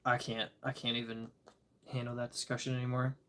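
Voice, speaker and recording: A man's voice: medium pitch, little pitch movement, fairly quick, fairly bright tone. A tired man casually chatting with his live-stream audience, chuckling and rambling as he reads the chat. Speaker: disc golf livestreamer reading chat.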